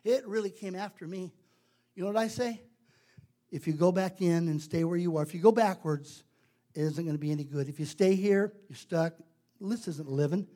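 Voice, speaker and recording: A man's voice: fairly high pitch, moderate pace, dark tone. A male preacher delivering a sermon in a conversational, emphatic way, repeating words for stress.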